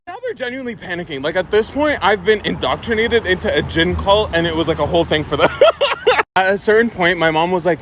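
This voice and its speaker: A young man from Egypt telling a funny childhood story in a casual, animated way, laughing often. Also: high voice, fairly quick, slight background noise. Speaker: social media storyteller.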